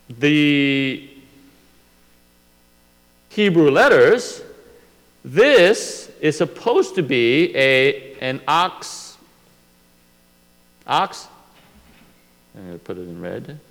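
A man teaching a Bible lesson, explaining slowly and step by step, often restarting his sentences. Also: fairly high pitch, very animated, fairly bright tone, in a large hall, rough recording.

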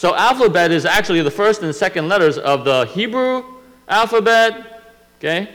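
A man teaching a Bible lesson, explaining slowly and step by step, often restarting his sentences. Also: high voice, animated, fairly bright tone, big-room sound, low-quality recording.

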